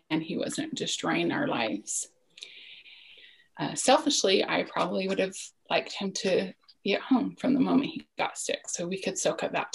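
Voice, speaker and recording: Guest, woman, 40s, low gravelly voice, reflective and earnest, slips into near-whispers. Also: low-quality recording. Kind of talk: personal storytelling in a podcast interview.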